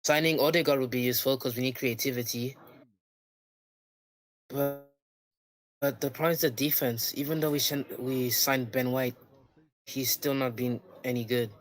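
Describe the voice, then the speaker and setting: A man's voice: mid-range voice, fairly even intonation, normal speed, long pauses. A man calling in to a football stream from a crowded family house, over a poor call line. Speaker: caller. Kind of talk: casual call-in chat.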